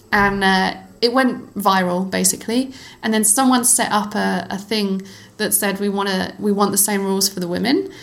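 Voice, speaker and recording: Animated middle-aged woman telling stories. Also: mid-range voice. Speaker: interview guest, former cyclocross racer. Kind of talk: casual conversational storytelling.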